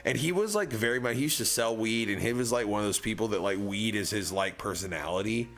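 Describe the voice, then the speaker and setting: A man's voice: lowish voice, fast talker, fairly bright tone. A young man streaming, telling a long personal story in a casual, rambling way, full of fillers and acted-out dialogue.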